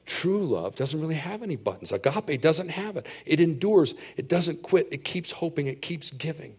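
This middle-aged man's voice is a little high and slightly rough as he preaches a pastor's sermon at normal speed. He's animated, weaving in stories and swinging between soft asides and loud, emphatic points.

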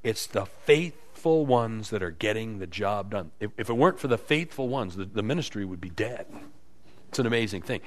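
A man preaching a sermon as pastor, animated and emphatic, swinging between quiet stretches and loud peaks, acting out quotes with a sarcastic edge. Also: fairly low pitch, normal speed. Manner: acts out quotes with sarcastic inflection.

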